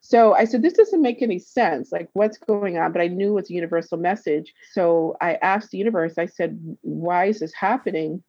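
Speaking at normal speed with few pauses, this woman has a lowish, dark voice. She works as a therapist and healer and shares a personal story casually, laughing a lot and voicing the people she quotes. The dry recording, with no room sound, is dull and slightly lo-fi.

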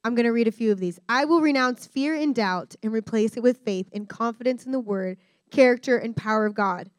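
A young adult woman giving a candid, animated personal-story sermon to students as a guest speaker. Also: a little high, fairly quick, no room sound. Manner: candid, animated storyteller who addresses the room directly. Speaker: guest speaker at a discipleship school.

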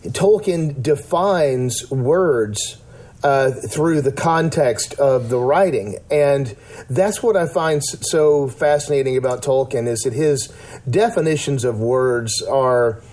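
A man's voice: medium pitch, slow, darkish tone. A man in casual discussion, talking earnestly in a rambling way with many restarts and fillers.

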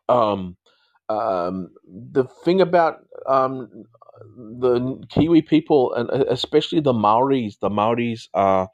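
A man's voice: fairly low pitch, no echo, lo-fi sound. Chatty man in his fifties hosting a live stream. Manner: rambling and chatty, quick to laugh. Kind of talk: casual live chat reading viewer comments.

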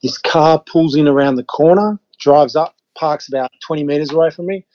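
Here the fifty-something podcast guest from Western Australia talks a little fast, his voice on the high side with a darkish tone, captured on a muffled recording. Easygoing and swearing freely, he tells casual stories and acts out his own reactions.

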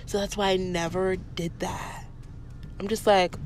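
A woman telling a story in a vlog, blunt and profane, animated in her delivery. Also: mid-range voice, measured pace, soft background music. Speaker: vlogger.

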